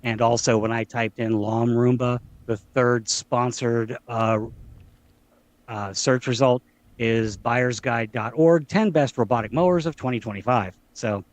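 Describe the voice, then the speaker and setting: A man's voice: mid-range voice, steady tone, a little slow, no echo. Chatty man, dry close sound. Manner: chatty, jokey, quotes films. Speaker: podcast co-host. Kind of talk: casual chat.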